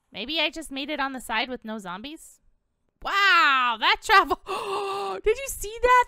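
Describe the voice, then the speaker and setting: A woman's voice: high-pitched, bright, forceful tone, clean tone, dry recording, clean studio sound. A woman hosting a gaming video, giving chatty, playful let's-play commentary at a desktop mic and giggling often.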